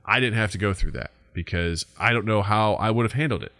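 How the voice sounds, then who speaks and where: Co-hosting a podcast, a man in his thirties talks quickly in a fairly low voice, with clean studio sound and no echo. His casual storytelling is animated: he acts out what people said and swears plenty.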